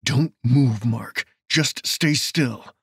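A man voicing a protective male sheriff who gives sharp, urgent commands. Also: medium pitch, extremely slow, creaky, husky, no echo, studio quality, full character voice. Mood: commanding.

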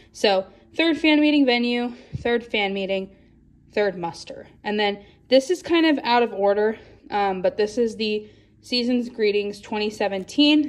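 A woman talking through her photocard collection in a casual vlog, chatty and excited, a little out of breath. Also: medium pitch. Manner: chatty, excited, rambling with frequent restarts. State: slightly out of breath.

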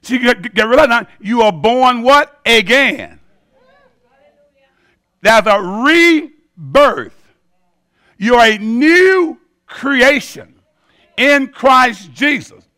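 A man's voice: very high voice, sing-song, extremely slow, long pauses, pushed and bright. A male pastor preaching a sermon in a rhythmic call-and-response style, chanting bold declarations to the congregation.

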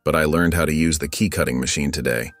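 A man's voice: a bass voice, quick pace, a bit bright, no echo, soft background music. A man voicing a determined, hardworking teenage boy who speaks earnestly and reassuringly in a storybook narration.

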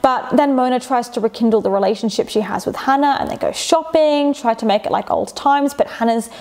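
A woman's voice: fairly high pitch, fairly quick, darkish tone. A woman talking through a casual commentary vlog in a chatty, opinionated way, asking rhetorical questions as she goes. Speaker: YouTube commentator.

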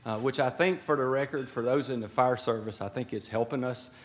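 A man's voice: medium pitch, brisk. A middle-aged man giving a folksy, joking speech at a podium during an indoor ceremony, with preacher-like asides. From Georgia. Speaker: guest speaker at a swearing-in ceremony. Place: indoor event hall at a podium. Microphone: podium microphone.

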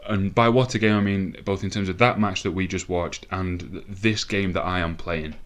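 A young man commentating a football game excitedly, nervous and swearing, with laughing bursts. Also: deep voice, moderate pace. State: out of breath. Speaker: gaming commentator.

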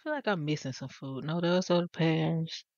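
A woman's voice: sits low, normal speed, no room sound, muffled recording. A woman giving casual, exasperated gameplay commentary straight to her viewers. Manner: animated, exasperated, talks to viewers.

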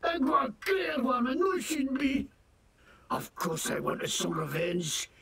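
Game character, fake Scottish accent, very high voice, gravelly, blustering, indignant. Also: male voice, huge pitch swings, slow, bright, forceful tone, recorded from a distance, slight background noise, exaggerated voice. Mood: defiant. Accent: put-on Scottish. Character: shifty male fake-Scottish shopkeeper, defiant and loud.

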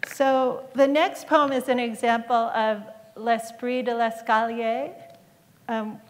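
A middle-aged woman poet reading and introducing her poems in a wry, hesitant way, with frequent ums between lines. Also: a little high. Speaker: poet giving a talk. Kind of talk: poetry reading with commentary. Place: lecture hall. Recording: long hall reverb.

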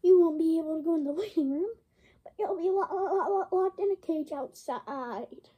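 Very high-pitched, stammering woman narrator. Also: moderate pace, dull audio. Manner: stammers, repeats syllables. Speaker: channel host. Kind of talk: playful narrated toy play.

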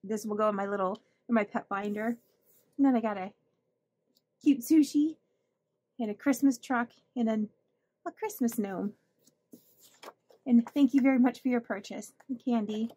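A chatty woman with a higher, slightly husky voice, talking through her mail in a casual vlog. She gushes and laughs often, thanking people as she goes. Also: moderate pace, long pauses, warm tone. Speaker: budgeting channel host. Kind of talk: casual chat opening mail.

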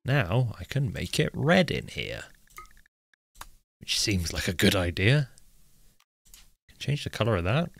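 Low-voiced man streaming a colony game. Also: sing-song, unhurried, creaky, long pauses, a bit bright, no room sound. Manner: chatty, joking, talks to his game characters. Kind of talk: live gameplay commentary.

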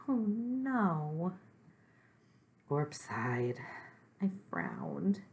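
A woman with a low, gravelly voice reads a children's book aloud at an unhurried pace. She plays the first-person narrator herself and breaks off for friendly asides to her young listeners, sometimes sinking to a soft whisper. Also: a little hiss or hum. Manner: slow and gentle, with chatty asides to listeners, sometimes dropping to a whisper. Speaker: reader. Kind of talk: storybook read-aloud for children.

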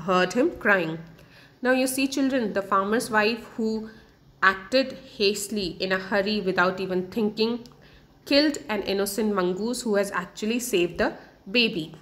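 A woman's voice: medium pitch, moderate pace, fairly bright tone. A woman from India who speaks. She is a teacher who reads a story aloud to children, stopping to explain word meanings and repeating each sentence in simpler words. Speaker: English teacher.

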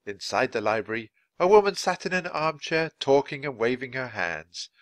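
A man reading a children's book aloud at natural speed for English learners, clear and expressive. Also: medium pitch, normal speed, no room sound. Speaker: storybook reader.

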